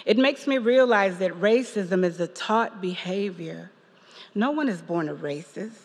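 A woman's voice: mid-range voice, animated, a little slow, in a large hall. A woman giving a personal testimony at a church service, telling a story with quoted voices and laughter. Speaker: parishioner giving a reflection.

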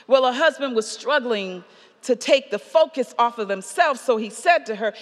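A woman's voice: fairly high pitch, lively intonation. Woman preaching in a reverberant hall. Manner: measured, slows for emphasis, drops soft on key lines. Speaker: pastor. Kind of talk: sermon.

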